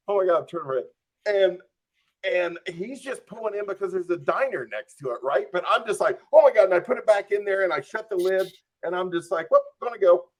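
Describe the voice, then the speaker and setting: A man with a fairly high-pitched voice tells a long anecdote as a podcast guest. He talks casually and animatedly, acting out his own thoughts in quoted asides. His speech is full of "like" and "I'm just like.". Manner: frequent "like" and "I'm just like" fillers.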